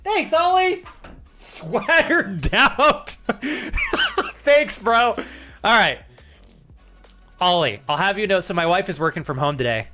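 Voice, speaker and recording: Excitable American streamer guy, bright voice. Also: sits high, unhurried, long pauses, faint music behind. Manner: laughing, excitable, swears freely. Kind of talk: live-stream chat.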